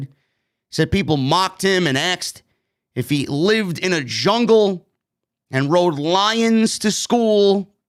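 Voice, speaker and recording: With a high-pitched, slightly bright voice, a man from New York runs a casual wrestling review on live stream. Chatty and opinionated, he walks through what happened on the show before offering his blunt take.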